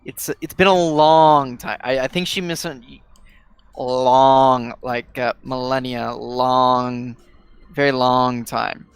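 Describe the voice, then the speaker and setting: Slow-talking man player, smooth voice. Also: mid-range voice, steady tone, no echo. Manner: halting, searching for words. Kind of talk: in-character tabletop play.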